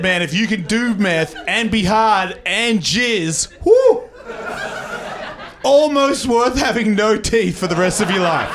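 On a comedy club stage in front of a live audience, a man with a high-sitting voice and an Australian accent delivers profane, rambling stand-up and works the crowd with banter. Audience laughter runs throughout, along with background noise.

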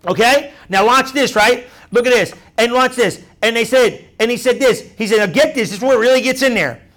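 A man preaching a sermon in a lively, conversational way, repeating his points and acting out what people say. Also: very high-pitched, brisk. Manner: animated, conversational, acts out crowd voices; repeats phrases, asks "you understand?".

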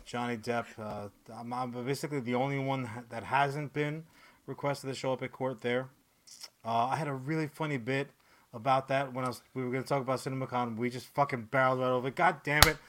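A man co-hosting a podcast, rambling and swearing freely, cracking jokes in quick bursts. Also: mid-range voice, a bit bright. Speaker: podcast co-host. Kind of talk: casual podcast chat.

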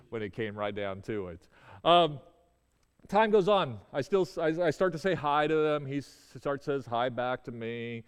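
A man tells a personal story in a voice that is neither high nor low. His delivery is halting and full of restarts. His resonant voice carries a long reverb tail, as if he is in a hall. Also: expressive, clear, resonant tone.

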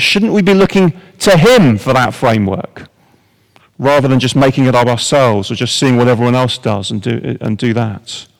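A man's voice: medium pitch, long reverb tail, rough recording. A man giving a sermon to a congregation in a conversational, wry way, full of rhetorical questions. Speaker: preacher.

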